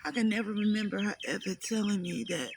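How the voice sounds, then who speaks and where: A woman telling her life story to camera, in a halting, emotional way with pauses. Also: mid-range voice, gravelly, background noise.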